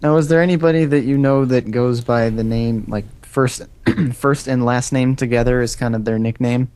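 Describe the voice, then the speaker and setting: A man's voice: medium pitch, steady tone, normal speed, darkish tone, smooth. A young man on a video call in a casual podcast chat, telling stories with hesitant fillers. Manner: storytelling, thoughtful, hesitant fillers. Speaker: co-host joining by video call.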